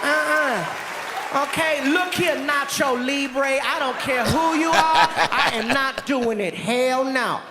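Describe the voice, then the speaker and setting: A brash, sassy woman, put on by a male comedian, who scolds at full volume in a very high, shrill voice. The sound is from a live show in a big hall, with a loud crowd roaring behind. It has a long reverb. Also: slow, heavy background noise. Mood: outraged. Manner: shouting with laughter. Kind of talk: stand-up comedy.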